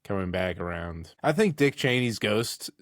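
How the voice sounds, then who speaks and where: A man's voice: fairly low pitch, expressive, moderate pace, no echo. A man co-hosting a podcast, tossing in dry, jokey quips in casual chat. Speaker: podcast co-host.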